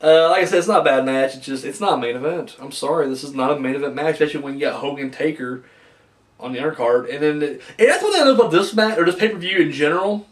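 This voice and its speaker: A man's voice: a little high, quick pace. A man giving a casual spoken review, rambling and frank, often swearing and using many fillers. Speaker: wrestling reviewer. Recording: voice a bit far from the mic.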